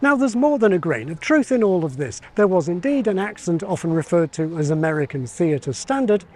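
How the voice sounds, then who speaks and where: Man, scripted educational narration, high pitched, very animated intonation, measured and explanatory. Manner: measured, explanatory, lightly ironic. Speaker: video essayist on accents.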